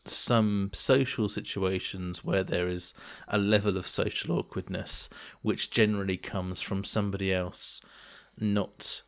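A man's voice: deep voice, steady tone, a little slow, hardly any pauses, fairly bright tone. A man in casual chat as a co-host, talking earnestly in long, searching sentences. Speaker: podcast co-host.

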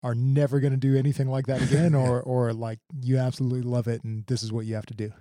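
A man runs a casual interview in a mid-range voice with a warm, mellow tone. He stops and restarts often as he feels for his words. The recording is dry and close. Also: medium pitch, flat delivery, dry recording. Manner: halting, many fillers and restarts.

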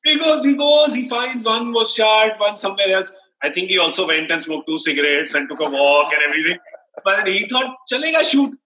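A man with an Indian English accent, a sports anchor telling lively anecdotes as a guest, acting out quotes and laughing often. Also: high-pitched, brisk, roomy sound, a little hiss or hum, poor audio. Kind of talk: casual storytelling interview.

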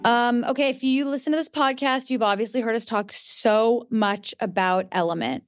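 A woman's voice: fairly high pitch, normal speed, loud music behind the voice. A woman podcast co-host doing an earnest, chatty host-read ad.

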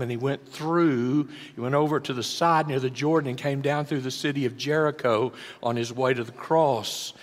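A man's voice: mid-range voice, in a large hall. A man preaching a sermon, dramatic, with big shifts in volume for emphasis. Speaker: pastor.

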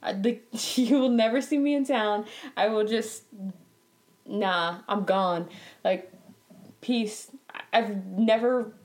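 A woman's voice: mid-range voice, slow pace, pauses often. A woman telling a work story in a casual, exasperated rant, laughing now and then. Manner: animated, exasperated, laughs while talking. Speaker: bank teller.

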